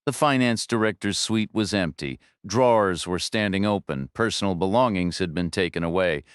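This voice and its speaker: A man narrating a thriller audiobook in a measured, even storytelling manner. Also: sits low, smooth, no room sound, studio quality.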